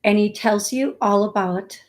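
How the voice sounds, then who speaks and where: Slow, halting woman giving a psychic reading. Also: medium pitch. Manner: halting, repeats words, thinks aloud. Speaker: psychic medium host.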